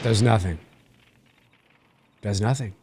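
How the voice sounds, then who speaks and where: A man hosting a live movie commentary, chatting to viewers as he watches, swearing freely and jumping between high and low. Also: breathy edge. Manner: animated, swears freely, quick pitch jumps.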